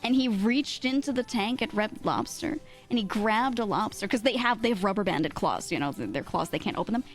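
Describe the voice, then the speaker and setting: A young woman streamer telling a story in casual chat, animated, laughing often and full of fillers. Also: mid-range voice, fairly quick, faint music behind.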